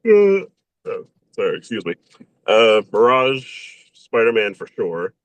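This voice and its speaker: A man being interviewed on a casual show, laid-back and quick to laugh. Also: lowish voice, fairly bright tone. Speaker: interview guest.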